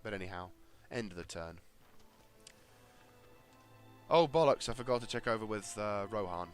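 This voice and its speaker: A man's voice: on the low side, animated, fast talker, faint music behind. A man casually commentating a strategy game, thinking aloud with lots of fillers and restarts. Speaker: gaming video creator.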